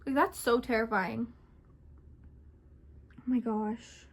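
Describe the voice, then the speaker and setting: High-voiced young woman telling a scary story. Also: takes it slowly, crowd noise. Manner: animated, dramatic reading. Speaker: vlogger. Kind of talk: reading a scary story aloud.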